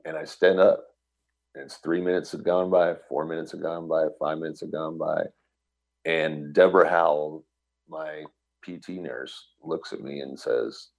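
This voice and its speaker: Speaking at normal speed, this interview guest, a middle-aged man from the American Midwest, shares a personal story in an extremely low, breathy, husky voice. His telling is earnest and animated, with restarts and quoted dialogue acting out what other people said.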